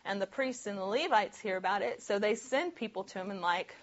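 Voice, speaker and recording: Woman Bible-study teacher, mid-pitched, chatty with frequent laughs, slightly muffled recording. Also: expressive, a little fast. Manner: chatty and conversational, often laughing, with many "like" and "right?" asides. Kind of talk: casual Bible teaching to a group.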